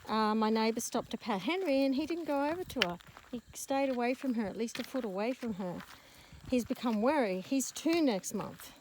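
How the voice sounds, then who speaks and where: A woman's voice: a little high, expressive, normal speed, a little mellow. A woman who runs an animal rescue, talking as she walks her rural property and filming on a handheld phone. She is out of breath and rambles, breaking off mid-story to scold and coax her dogs. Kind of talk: rambling walk-and-talk vlog. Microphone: handheld phone while walking. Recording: noisy outdoor phone recording. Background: dogs and farm animals.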